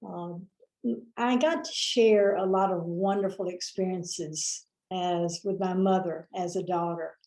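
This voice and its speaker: Woman, middle-aged, chatty storyteller, mellow tone, lots of fillers. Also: fairly low pitch, slow. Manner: chatty, animated, frequent fillers and restarts. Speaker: vlog host. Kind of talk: personal storytelling.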